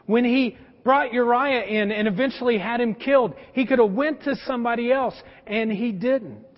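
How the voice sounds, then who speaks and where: High-voiced preacher in an echoing hall. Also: male voice, moderate pace. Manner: storytelling, direct address to the congregation. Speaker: pastor. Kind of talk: sermon. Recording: long hall reverb, dull lo-fi sound.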